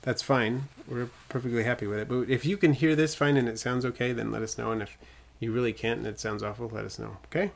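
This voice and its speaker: A man's voice: mid-range voice, fairly even intonation, fast, vocal fry, hardly any pauses. Easygoing male podcast co-host. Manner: easygoing, laughs often. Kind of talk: casual chat. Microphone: studio microphone.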